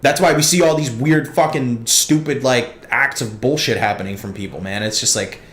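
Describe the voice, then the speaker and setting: A man's voice: medium pitch, normal speed, a bit bright. A man ranting in a casual podcast chat, swearing constantly and getting heated. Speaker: podcast host. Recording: roomy echo.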